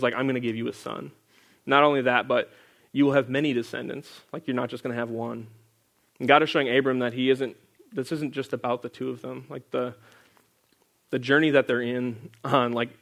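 Young guy with a gravelly voice reading bible verses then chatting through them, says like a lot. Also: medium pitch, a bit bright. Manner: loose and chatty, full of "like" fillers. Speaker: Bible teacher. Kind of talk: casual Bible study with scripture reading.

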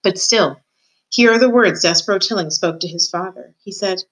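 Student reader, woman, steady storybook narration, mid-range voice. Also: mid-range voice, normal speed, rough recording. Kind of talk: reading a novel aloud.

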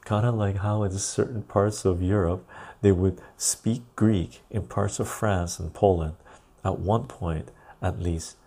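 A man's voice: low-pitched, steady tone, unhurried, vocal fry, dark tone, husky. A man hosting a casual live stream, rambling as he reads viewer comments aloud and answers them. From Canada.

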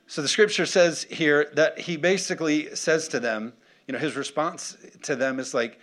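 A man's voice: a little high, animated, normal speed, fairly bright tone. A man preaching a conversational sermon who keeps checking in with his congregation and asks for responses. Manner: conversational, calls for audience responses. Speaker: pastor.

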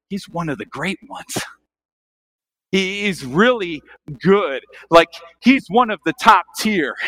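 A man delivering a sermon in a bright, ringing voice pitched a little high. He talks animatedly, posing questions straight to his listeners, then drops his voice to let them sink in. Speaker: pastor.

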